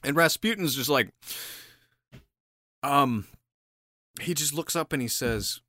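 A man's voice: mid-range voice, slow pace, pushed and bright. A man casually retelling a story to a friend, laughing often and acting out the characters' lines. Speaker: podcast co-host.

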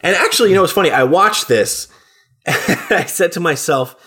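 A man's voice: sits high, lively intonation, normal speed, bright, forceful tone, husky. A man in casual podcast chat, rambling and swearing, now and then slipping into silly put-on voices. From New Jersey area, US. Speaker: podcast co-host.

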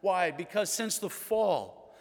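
Pastor, male, middle-aged; earnest sermon delivery, slightly high voice, hushed passages, long reverb of a large hall. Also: animated, takes it slowly, gravelly. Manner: earnest storytelling, drops to hushed tones.

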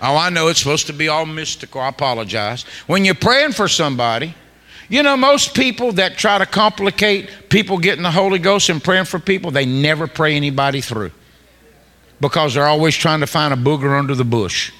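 Joking male preacher, high tense voice, colloquial storyteller delivering a sermon. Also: animated, brisk, sharp tone, big-room sound. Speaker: guest preacher. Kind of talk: humorous sermon.

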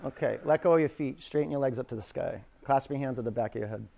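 A man's voice: medium pitch, fast, vocal fry, dark tone. A man teaching a power yoga class in a studio, calling out counts and cues and telling rambling stories between poses.

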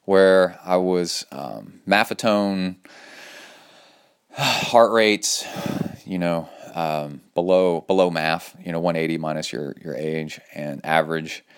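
A man's voice: sits low, slow, smooth. A man hosting his own podcast, talking casually and enthusiastically with plenty of fillers as he rambles through updates and a sponsor read. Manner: loose and rambling, many fillers, upbeat and enthusiastic. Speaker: podcast host.

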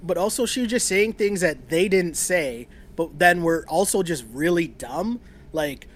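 A man's voice: high voice, expressive, measured pace. A man in his thirties co-hosting a casual chat, rambling through a theory with frequent laughs. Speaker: podcast co-host. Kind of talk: casual chat about a reality show.

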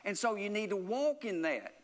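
A man delivers a sermon with earnest, insistent repetition, circling back and restarting his phrases as he presses his point. His voice sits a little higher than most men's, and it rings out with a long reverb that fills the hall around him. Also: sing-song, moderate pace. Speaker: preacher.

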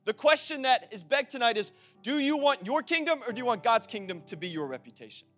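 A man with a high voice preaches a sermon, keeping it loose and conversational, then pushing into loud, emphatic stretches. Soft music plays quietly behind him. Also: very animated, a little fast.

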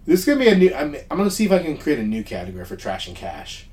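A man co-hosts a relaxed podcast, talking in a rambling, self-interrupting way and laughing often. His voice sits a bit high and swoops widely up and down. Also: rapid-fire. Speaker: podcast co-host. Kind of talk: casual chat.

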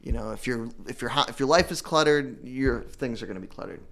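A man giving an emotional personal testimony about recovery, earnest and halting, with many restarts. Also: medium pitch, vocal fry, fairly bright tone. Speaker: guest telling his recovery story.

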